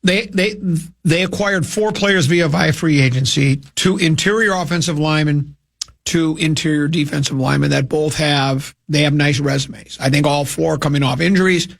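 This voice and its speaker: Sports radio guy, gravelly voice kinda high, rambles and restarts a lot, opinionated. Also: moderate pace, fairly bright tone. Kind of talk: casual sports talk radio.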